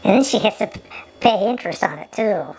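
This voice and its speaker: A woman's voice: mid-range voice, animated, fairly quick, creaky, darkish tone, a little hiss or hum, low-quality recording. A woman giving sarcastic running commentary over an old film, often stumbling and repeating her words.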